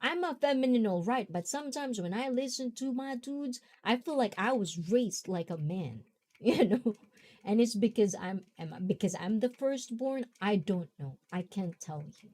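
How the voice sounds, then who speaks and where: A woman's voice: fairly high pitch, animated, normal speed, darkish tone. A young woman hosting a casual talk, rambling and chatty, often laughing. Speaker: host.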